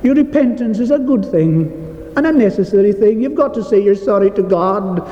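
A man's voice: high-pitched, animated, normal speed. A man preaching a sermon in a church, earnest and repetitive, stretching out key phrases for emphasis. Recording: echoey hall, dull lo-fi sound.

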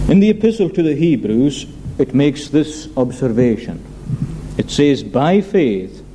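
A man preaching a sermon in an earnest, measured way, addressing the congregation as his friends. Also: mid-range voice, warm tone, a little hiss or hum, rough recording. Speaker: pastor.

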